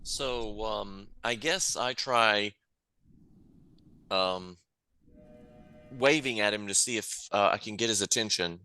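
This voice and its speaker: Brief: male player, bright tone, slow and hesitant, lots of ums. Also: lowish voice, clean tone. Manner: hesitant, many fillers. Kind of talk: tabletop game chat.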